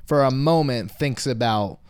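A man's voice: mid-range voice, unhurried, clean tone, no echo, clean studio sound. A man co-hosting a podcast, chatting casually about a movie and thinking aloud in a hesitant way. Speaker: podcast co-host. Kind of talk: casual movie-review chat.

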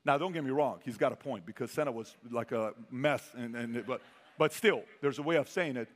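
A man's voice: mid-range voice, a little fast. A man giving a motivational stage talk to a sales audience, telling stories animatedly and acting out the people in them. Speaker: sales trainer speaking to an audience. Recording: reverberant hall.

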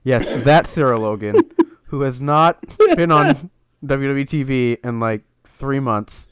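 A man's voice: mid-range voice, unhurried, a bit bright, clean tone, no echo. A man co-hosting a podcast, wry and teasing, running through rosters in casual wrestling chat. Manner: wry, teasing, lists facts. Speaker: podcast co-host.

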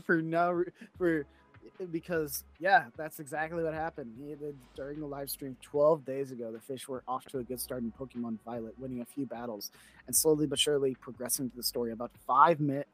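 A man's voice: medium pitch, fairly bright tone. A man co-hosting a casual nerd-news podcast, rambling, laughing and trailing off mid-sentence. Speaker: podcast co-host. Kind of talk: casual chat.

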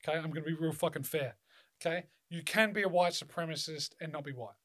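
A man's voice: a little high, steady tone, quick pace, fairly bright tone. A man in casual podcast chat, swearing a lot and talking emphatically with many restarts.

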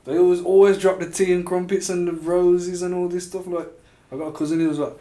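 A man's voice: sits high, fairly even intonation, warm tone. Male co-host, casual and playful, roomy echo. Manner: quick interjections and playful asides. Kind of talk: casual podcast chat.

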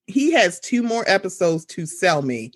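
A woman's voice: lowish voice, sing-song, measured pace, slightly rough. A woman in casual chat who acts out quoted voices and laughs often as she talks.

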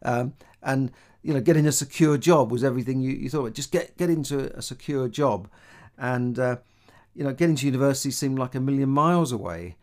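A man's voice: medium pitch, a little fast, darkish tone. Middle-aged Cockney man giving money advice. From London, England. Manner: rambling, conversational, many fillers and restarts. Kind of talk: casual monologue.

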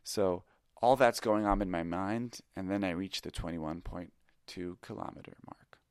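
A man's voice: deep voice, normal speed. A middle-aged man who teaches improv tells a personal story in a reflective, candid and self-critical way. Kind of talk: confessional storytelling.

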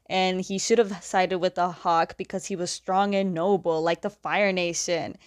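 A woman's voice: fairly low pitch, fairly even intonation, slow pace. A young woman casually recapping a comic story, chatty, laughing often and leaning on "like.".

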